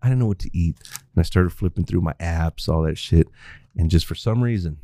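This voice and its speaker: A man co-hosting a podcast, telling stories in a relaxed, casual way with plenty of swearing. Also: low-pitched, a little fast, dry recording, studio quality. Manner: laid-back storyteller, swears freely. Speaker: podcast co-host. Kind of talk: casual chat.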